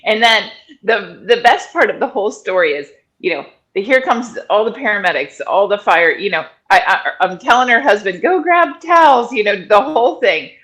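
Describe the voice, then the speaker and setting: Animated woman telling a story. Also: medium pitch, normal speed, poor audio. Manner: animated storyteller, acts out quoted people in raised voices. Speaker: guest, functional medicine director and former doula. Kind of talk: conversational interview storytelling.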